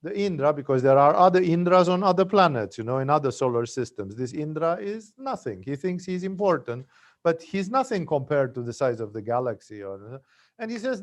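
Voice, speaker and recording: A man's voice: on the high side, sing-song, fairly quick. Man giving a chatty spiritual talk. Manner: conversational, with fillers and tag questions. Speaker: yoga teacher.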